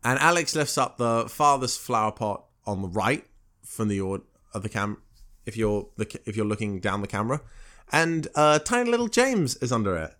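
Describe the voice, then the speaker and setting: A man co-hosting a casual podcast, recapping a TV episode in a halting, hesitant way with many pauses and self-corrections. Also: mid-range voice, big pitch swings, fairly bright tone. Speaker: podcast co-host.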